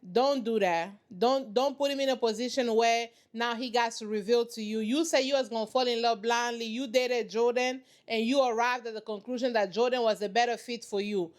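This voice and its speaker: Brief: high-voiced woman host, sassy and emphatic, slangy casual commentary. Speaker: reaction channel host.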